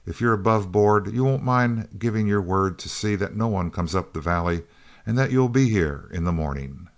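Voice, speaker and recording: A man's voice: fairly low pitch, normal speed, close to an everyday voice. A man reading the lines of an angry, suspicious male outlaw lieutenant with fierce, accusing speech.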